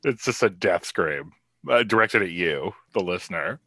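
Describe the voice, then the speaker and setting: A man with a somewhat low but bright, forceful voice, recorded dry and close. He riffs on music with vivid, profane imagery. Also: animated, no echo. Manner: vivid, profane, quick to laugh. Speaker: podcast co-host. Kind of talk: casual music review chat.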